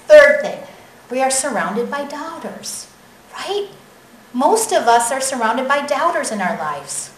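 A high-voiced woman delivers a sermon in a chatty, animated way, often checking in with the listeners with a quick question. Her voice rings out in an echoey room. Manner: animated, conversational, keeps asking the audience "right?". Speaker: preacher.

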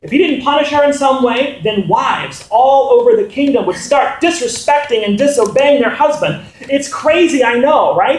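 A man's voice: extremely high pitch, animated, normal speed, hardly any pauses, echoey room, low-quality recording. A man in his thirties preaching a sermon to his congregation, playful and full of joking asides. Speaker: pastor. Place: church hall.

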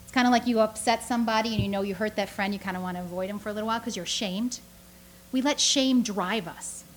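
A woman giving a lively, conversational sermon to a church audience, full of rhetorical questions and asides. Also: mid-range voice, fast, slight background noise. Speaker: speaker teaching a church audience.

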